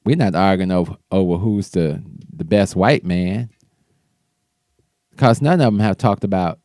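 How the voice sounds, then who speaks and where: Low, dark-voiced man talking politics. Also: no room sound, clean studio sound. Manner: loose, conversational, with restarts. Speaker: show host. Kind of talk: casual political commentary.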